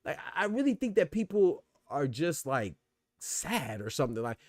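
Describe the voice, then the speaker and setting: A man's voice: on the high side, sing-song, normal speed, no room sound, studio quality. A man hosting a podcast in casual, slangy commentary, reacting to his live chat as he goes. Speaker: boxing podcast host.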